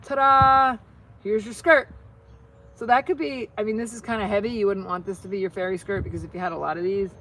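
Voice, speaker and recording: A woman's voice: mid-range voice, steady tone, very fast, hardly any pauses, darkish tone, a little hiss or hum. A middle-aged American woman chatting casually to viewers while crafting, rambling, with many restarts. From United States. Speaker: vlogger.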